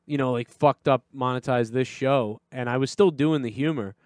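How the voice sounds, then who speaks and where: A man's voice: mid-range voice, normal speed, darkish tone, no echo, studio quality. A man hosting a livestream show in casual chat, a crude, rambling storyteller who swears and laughs often.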